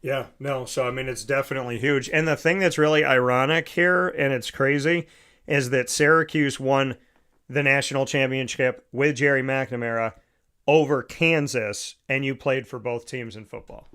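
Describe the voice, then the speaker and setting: A man hosts a relaxed sports talk show, with a smooth, clean tone in a middle register. He talks casually, restarting and repeating words as he works into his points. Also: medium pitch, moderate pace. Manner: conversational, repeats words when starting thoughts. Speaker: podcast host.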